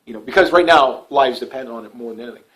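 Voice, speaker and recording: A man's voice: mid-range voice, fast, a bit bright, poor audio. A middle-aged man delivering a casual political monologue to his channel, rambling and repetitive with frequent restarts. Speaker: political YouTuber.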